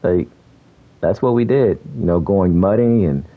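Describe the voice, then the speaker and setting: Very low-voiced laid-back young man. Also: unhurried, phone-quality sound. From South Florida. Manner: laid-back, laughs often, says "bro" a lot. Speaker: game streamer. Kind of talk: casual chat while gaming.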